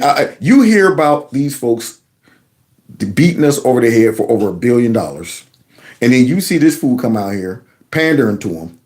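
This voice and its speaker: Animated, mocking male commentator. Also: mid-range voice. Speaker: commentary channel host. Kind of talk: political commentary vlog.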